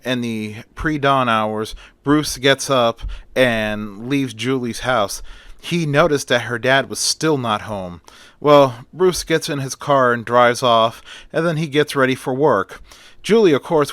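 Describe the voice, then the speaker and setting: Male storyteller, mid-pitched, rambling casual retelling, dry close sound. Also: fairly bright tone, clear, resonant tone, no room sound. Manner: rambling, strings clauses with "and then".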